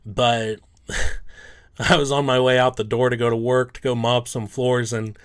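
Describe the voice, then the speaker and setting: A man's voice: medium pitch, level tone, unhurried, smooth. A sports card collector, a man, telling a personal story in a loose, rambling way, full of "um" and "you know".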